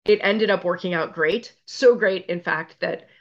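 Middle-aged woman, interview guest, animated storyteller, self-deprecating, lowish voice, muffled lo-fi sound. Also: a little slow. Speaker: guest, physician and resilience expert.

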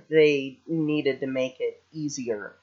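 A woman's voice: a bass voice, slow pace, darkish tone, breathy edge. A woman co-hosting a podcast, chatting casually about a film with wry support. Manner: supportive, wry, laughing along. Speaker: podcast co-host. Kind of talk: casual chat reviewing a film. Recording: slightly dull lo-fi sound.

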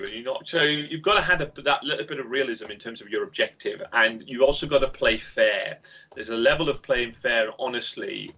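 A man with a bright, slightly husky voice chats as a podcast guest. He tells anecdotes animatedly, his pitch swinging up and down. The recording sounds dull and lo-fi. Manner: animated storyteller, laughs while telling anecdotes. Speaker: game company founder, podcast guest. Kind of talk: casual podcast conversation.

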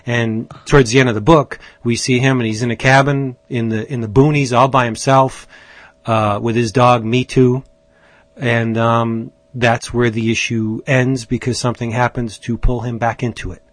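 A man's voice: medium pitch, level tone, moderate pace, no room sound. A man hosting a casual comic book chat, enthusiastic and rambling, often restarting his sentences. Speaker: comic book podcast host.

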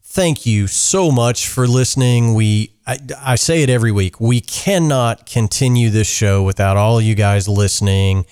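A man's voice: fairly low pitch, measured pace, few pauses, darkish tone, clean tone. A man hosting a podcast, chatting casually with a guest and then closing the episode. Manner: friendly, upbeat sign-off. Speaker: podcast host. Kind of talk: casual interview chat.

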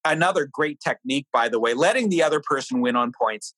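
A man's voice: fast, no room sound, poor audio. A middle-aged man, an author being interviewed, explaining ideas and telling a family anecdote in a conversational way. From New Hampshire. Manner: animated storyteller, lively pitch. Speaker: author and guest.

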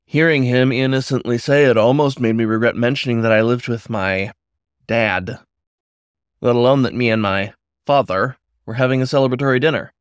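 A man narrates a first-person story in a measured, reflective manner. His voice sits at a middle pitch. The recording is dry and close, with no room sound. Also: smooth, no echo. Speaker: audiobook narrator.

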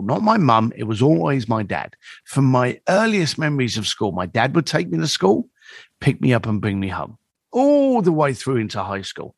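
A man's voice: medium pitch, no echo, studio quality. A man telling a story as a podcast guest, acting out the dialogue as he goes. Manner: animated storyteller who acts out quoted dialogue.

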